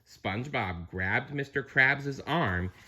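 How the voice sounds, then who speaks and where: A man's voice: mid-range voice, slow pace, bright, forceful tone, a little hiss or hum. A man reading a storybook aloud, dropping in chatty asides to the listener. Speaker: narrator.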